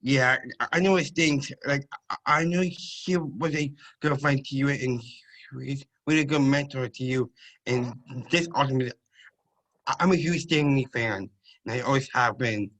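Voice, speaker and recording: A man's voice: mid-range voice, moderate pace, fairly bright tone, low-quality recording. A male student interviewer asking questions hesitantly, stammering and restarting often.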